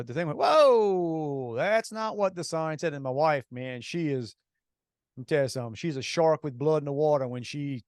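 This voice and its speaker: A man's voice: on the high side, a little mellow, smooth, no echo, studio quality. A man co-hosting a radio talk show, telling stories animatedly with heavy sarcasm and many restarts. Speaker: radio co-host. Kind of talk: casual radio chat.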